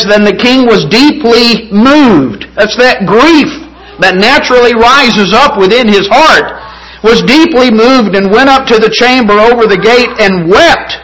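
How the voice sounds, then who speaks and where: A man's voice: sits high, pushed and bright, low-quality recording. A man preaching a sermon, earnest and rising to fervent emphasis.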